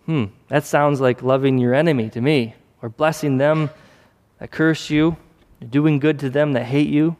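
A man's voice: a little high, fairly even intonation, normal speed, darkish tone. A man preaching a sermon in a conversational way, acting out little scenes as he goes. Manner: conversational preaching with acted-out asides. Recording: long hall reverb.

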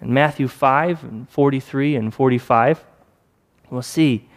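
A man's voice: medium pitch, a little slow. Man preaching in a reverberant hall. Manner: conversational preaching with acted-out asides. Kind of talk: sermon.

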